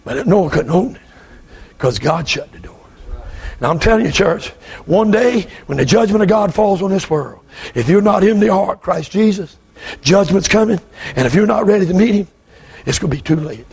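A preacher man with a high, raspy, gravelly voice. He delivers a fervent revival sermon, swinging between loud shouts and repeated questions to the congregation. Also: lively intonation, moderate pace, long pauses, some chatter behind. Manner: fervent, shouting, repetitive calls.

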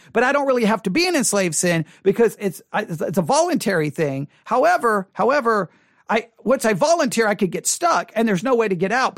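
A Bible study podcast host, hoarse and losing their voice, rambling in exasperation with many restarts while reviewing a sermon. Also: mid-range voice, no room sound, clean studio sound.

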